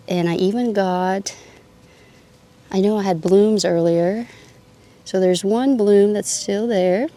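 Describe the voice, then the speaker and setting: Her lowish, dark-toned voice guides viewers around her home garden outdoors in a chatty, excited way, with little restarts along the way. A clip-on mic picks her up, and an air conditioner hums faintly behind her.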